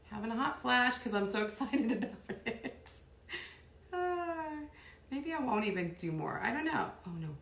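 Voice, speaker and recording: A middle-aged woman hosting a live crafting stream, chatting in a rambling way and counting softly under her breath as she works. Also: a little high, sing-song, slow, pauses often. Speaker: craft livestream host. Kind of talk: casual live chat while crafting. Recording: roomy echo.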